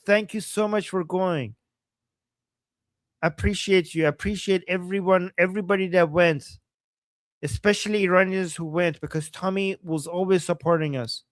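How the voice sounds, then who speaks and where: A man from Iran co-hosting a livestream, reacting excitedly to rally footage and reading chat messages aloud. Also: sits high, normal speed, no room sound. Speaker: livestream co-host. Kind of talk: live commentary on rally footage.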